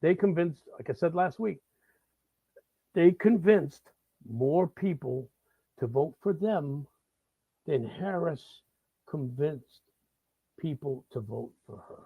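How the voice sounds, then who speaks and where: Guy with a high-ish voice ranting on his live show, cusses nonstop, sarcastic, dry dull audio. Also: lively intonation, slow pace, gravelly, long pauses, breathy edge, dry recording. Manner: profane, heated and sarcastic, swears constantly. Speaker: host of a live talk show. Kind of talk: ranting political monologue.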